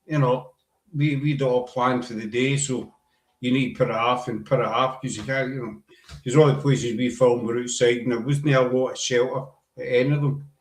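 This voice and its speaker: A man's voice: medium pitch, steady tone, moderate pace, roomy sound. A Scottish man hosting a show, chatting casually and rambling a little. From Scotland. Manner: chatty, rambling, uses "aye" and "wee". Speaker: podcast host. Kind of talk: casual chat.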